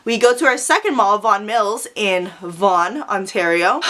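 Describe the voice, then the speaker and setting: A young woman telling a storytime vlog in an animated, profane, dramatic way. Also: mid-range voice, normal speed. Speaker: vlogger.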